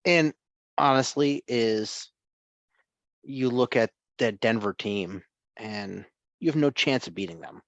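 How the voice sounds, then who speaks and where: A man's voice: mid-range voice, slow pace, pauses often, fairly bright tone, dry recording, muffled recording. A man co-hosting a sports podcast in casual chat, chuckling often and rambling through restarts.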